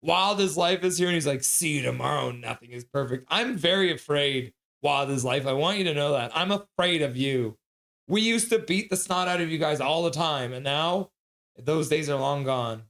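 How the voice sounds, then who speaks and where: Man, slightly higher voice, casual, reads chat aloud, stream host. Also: moderate pace, vocal fry, a bit bright. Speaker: livestream host reading chat.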